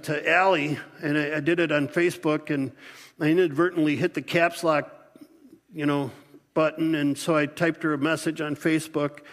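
A pastor preaching a sermon in an animated, conversational way, often restarting his sentences. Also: a little high, in a large hall.

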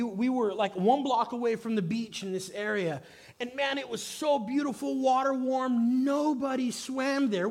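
A male pastor delivering a storytelling sermon, jumping from loud excited shouts to hushed, quiet passages. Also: very high-pitched.

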